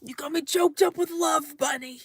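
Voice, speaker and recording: A woman's voice: high voice, normal speed, dry recording, clean studio sound. A young adult woman live streaming late at night, reading chat aloud in a playful, theatrical way.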